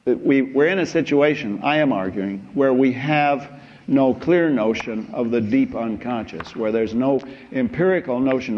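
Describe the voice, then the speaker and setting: Older male professor, rambling wry lecturer, mid pitch; dull lo-fi lecture-hall recording. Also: slight background noise. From United States. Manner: wry, rambling, chuckling asides. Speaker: philosophy professor. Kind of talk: anecdotal university lecture.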